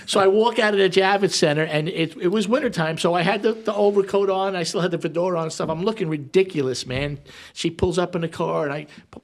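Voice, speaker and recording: A man in his sixties co-hosting a podcast, talking fast with a slightly high voice. He tells stories with animated energy. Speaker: podcast co-host. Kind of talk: casual chat.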